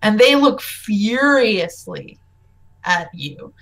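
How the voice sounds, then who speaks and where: A woman narrating as game master in a tabletop game, chatty and quick to laugh. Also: medium pitch, very animated, gravelly, fairly bright tone, rough recording.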